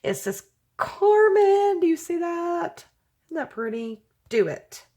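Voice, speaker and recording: A woman hosting a craft channel, chatting casually and gushing with excitement as she unboxes a handmade package. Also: very high-pitched, slow pace.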